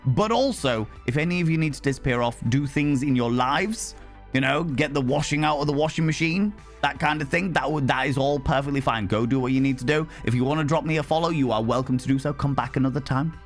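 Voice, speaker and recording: A man live-streaming and chatting to his viewers, loud, brash and theatrical, swearing freely. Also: medium pitch, quick pace, faint music behind.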